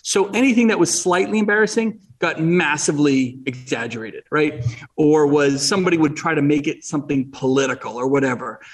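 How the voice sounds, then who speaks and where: A man's voice: a little high, a little fast, far from the mic. A middle-aged man from New England, talking as an interview guest in a rambling way, with many restarts and fillers. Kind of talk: casual interview chat.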